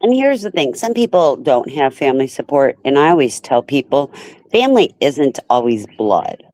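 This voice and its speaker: A woman's voice: extremely low pitch, very animated, normal speed, mellow, no echo. A woman in her fifties hosting a live stream, chatting casually and laughing often. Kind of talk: casual chat.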